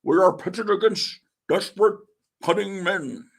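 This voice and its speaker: A man's voice: high voice, unhurried, vocal fry, pitched above the performer's own voice, full character voice. A man doing a stately old prime minister. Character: elderly British prime minister, grave and stately.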